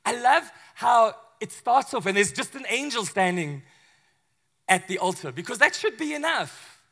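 A male pastor delivers a sermon with a high, bright voice. He talks to the congregation conversationally and animatedly, often acting out the people in his story. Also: normal speed. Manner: conversational and animated, with acted asides.

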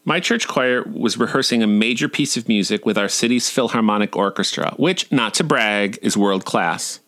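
A man's voice: lowish voice, normal speed, fairly bright tone. A man in his forties reading his own humorous personal essays in a wry, irreverent, playfully profane way. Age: 40s.

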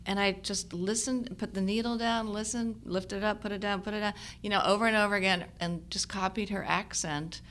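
Bright-voiced woman in her sixties. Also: mid-range voice, a little fast, few pauses. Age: 60s. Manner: animated storytelling, laughing often. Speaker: guest actress. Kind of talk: casual interview chat.

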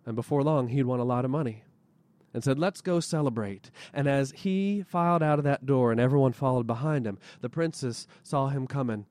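A male storyteller telling a folk tale live at a festival, lively and expressive, with dramatic pauses. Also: mid-range voice, dry recording.

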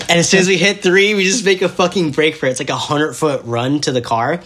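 A man's voice: a little high, fast talker, hardly any pauses. Young guy on a podcast telling a crazy story, laughing, doing everyone's lines. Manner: animated, laughing, acts out quotes. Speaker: podcast guest. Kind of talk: casual storytelling.

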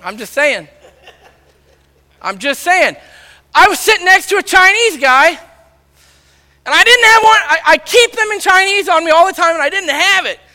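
A man preaching a sermon, loudly telling stories and acting out the dialogue. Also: very high-pitched, a little fast. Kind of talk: sermon storytelling. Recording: long reverb of a large hall.

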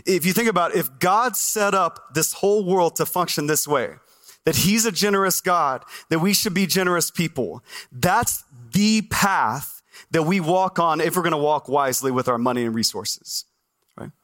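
High-pitched guy pastor preaching, animated, keeps asking the crowd stuff, church mic. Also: moderate pace. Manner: animated, asks the congregation questions, acts out listeners' voices. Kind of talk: sermon.

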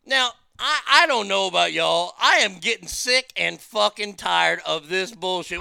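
A man's voice: high-pitched, animated, measured pace, gravelly, few pauses, very noisy. A man telling a story as a profane rant, stammering and repeating his words as he swears.

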